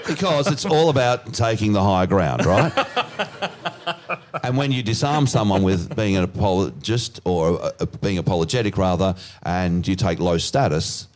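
A man's voice: low-pitched, lively intonation, normal speed, a little mellow. A man telling a crude, self-mocking story on a live comedy podcast, swearing freely and laughing as he goes.

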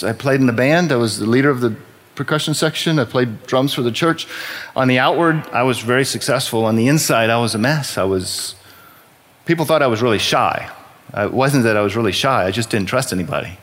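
A man's voice: mid-range voice, brisk, a bit bright. A man from Texas giving a sermon-style personal testimony in church, talking in a conversational, wry and self-deprecating way.

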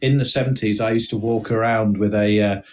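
A man's voice: on the low side, fairly even intonation, a little fast, a little mellow. A man co-hosting a comedy podcast, chatting casually and trailing off into jokes. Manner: jokey, drifting off mid-sentence. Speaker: podcast co-host.

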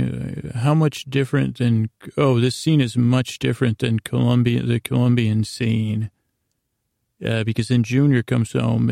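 A man hosting a slow bedtime podcast, recapping a TV episode in a meandering, hesitant way with frequent restarts. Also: medium pitch, creaky, mellow, no room sound, clean studio sound. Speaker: podcast host.

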